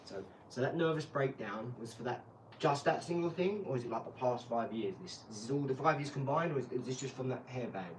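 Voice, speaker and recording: A man, hosting a casual live stream and telling lively, laughing stories with some swearing, from an empty garage. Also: medium pitch, a little fast. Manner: animated storyteller, laughs, swears. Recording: roomy, distant mic, faint noise.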